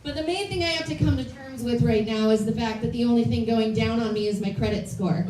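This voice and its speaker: A woman in her late twenties with a fairly high voice performs stand-up, blunt and confessional, poking fun at herself. She is picked up from a distance in a roomy, echoing club, with clear room noise around her. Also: fairly quick, darkish tone. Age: late 20s. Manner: self-deprecating, confessional, blunt. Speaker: stand-up comedian. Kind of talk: stand-up comedy set. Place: comedy club stage with live audience.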